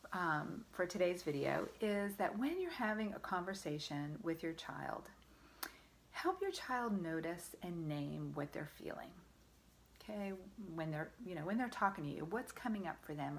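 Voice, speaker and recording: A woman parenting coach with a lowish voice gives earnest, encouraging advice directly to camera, frequently checking in with the listener. A little hiss or hum sits under the recording.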